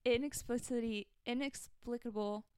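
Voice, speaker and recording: A woman's voice: fairly high pitch, normal speed, clean tone, dry recording. A young woman co-hosting a podcast in casual chat, often laughing as she talks. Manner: laughing, animated. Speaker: podcast co-host.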